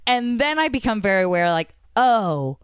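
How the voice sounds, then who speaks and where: A young adult woman, a podcast guest, telling a story in casual chat and acting out the other people's voices with big jumps in pitch. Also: very animated, moderate pace, smooth, dry recording, studio quality.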